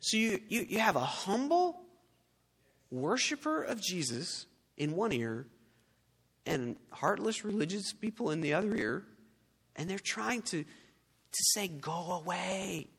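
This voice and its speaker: Man, pastor, sermon, high lively voice, loud peaks and hushed drops, long hall reverb. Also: measured pace, long pauses, husky. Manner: animated preaching, swinging from loud to hushed.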